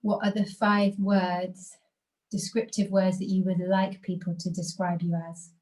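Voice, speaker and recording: Calm, mellow-voiced woman workshop facilitator. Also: medium pitch, a little slow, low-quality recording. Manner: calm, encouraging, invites reflection. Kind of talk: guided group workshop talk.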